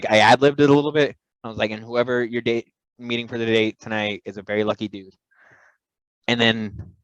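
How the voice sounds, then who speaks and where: A man's voice: mid-range voice, no room sound, dull audio. Rambling comedic storyteller man, dry sound. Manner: rambling, self-interrupting, animated storyteller. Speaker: podcast co-host.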